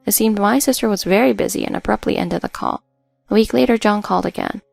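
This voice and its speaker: A woman reads a first-person story in an even, matter-of-fact way. Her voice carries a gravelly texture and sits at a middle pitch. The sound is dry and close, with faint music underneath. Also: quick pace, no room sound. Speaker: narrator.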